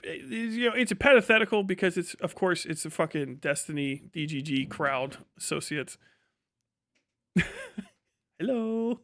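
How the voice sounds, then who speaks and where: Streamer guy, high voice for a man, swears constantly, rants hard and breaks into laughter. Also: fairly bright tone. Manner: profane, ranting, laughs often. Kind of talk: casual livestream commentary.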